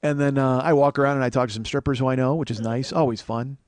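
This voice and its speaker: A man's voice: medium pitch, steady tone, fast, darkish tone, no room sound. A man in his forties hosting a comedy podcast, telling long rambling stories with plenty of swearing and self-mocking asides. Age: 40s. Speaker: podcast host. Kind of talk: comedic storytelling monologue.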